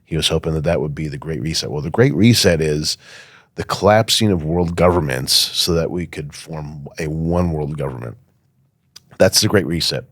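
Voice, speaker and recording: A man's voice: a bass voice, normal speed, no echo, clean studio sound. A man speaking as a guest in a podcast interview, emphatic and insistent, with frequent fillers. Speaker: guest, firearms safety academy owner.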